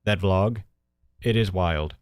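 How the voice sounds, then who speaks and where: A man's voice: low-pitched, slow, a little mellow, clear, resonant tone, no room sound, studio quality. A man hosting a casual livestream news show, sarcastic and mocking, reading viewer donations aloud.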